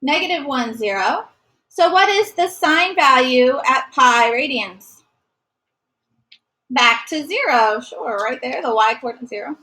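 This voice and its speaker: A woman's voice: high-pitched, expressive, measured pace, sharp tone, low-quality recording. A woman teaching a math lesson to a class, encouraging and sometimes singing short note patterns. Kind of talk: classroom lecture.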